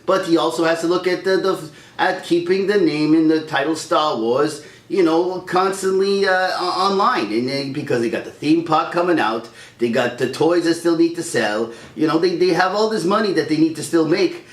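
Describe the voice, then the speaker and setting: A man's voice: on the high side, moderate pace, few pauses, roomy sound. A man hosting a casual ranting chat, heated and rambling, stumbling over restarts. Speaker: YouTube channel host.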